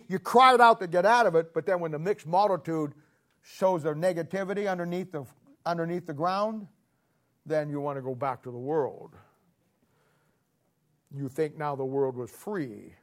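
A man preaching a sermon as pastor, emphatic and sarcastic, rising to loud outbursts. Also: high-pitched.

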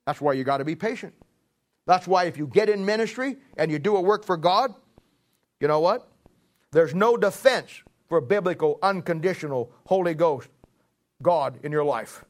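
Emphatic preacher man with a higher voice. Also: lively intonation, moderate pace. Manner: emphatic, repetitive, swings between loud and hushed. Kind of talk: sermon.

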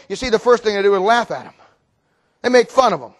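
High-voiced animated male preacher. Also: quick pace, long pauses. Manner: animated, acts out quoted voices, repeats words. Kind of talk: sermon.

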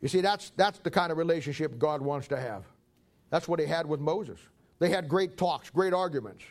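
A man's voice: on the high side, lively intonation, normal speed. A man preaching a folksy, conversational sermon and acting out Bible stories.

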